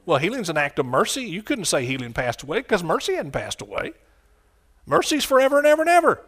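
A man preaching a sermon, swinging from quiet, low lines to loud, shouted ones. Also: sing-song, fast talker. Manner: impassioned, rising to shouts and dropping low.

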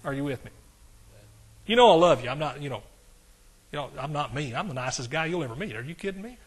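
Male pastor, sermon delivery, slightly high voice, dynamic and conversational with the crowd. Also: fast talker, slightly rough. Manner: animated, swings from loud preaching to quiet asides; talks directly to the congregation, asks questions.

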